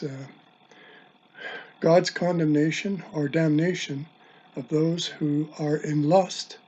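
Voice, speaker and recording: A man delivering a religious video sermon, halting with many ums and uhs. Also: on the high side, a little mellow, a little hiss or hum. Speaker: online preacher. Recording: dull lo-fi sound.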